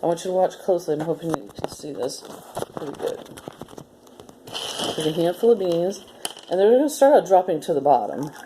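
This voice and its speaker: A woman hosting a children's story time, reading a story aloud and gently explaining a simple demo step by step. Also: fairly low pitch, animated, brisk, pauses often, noisy background.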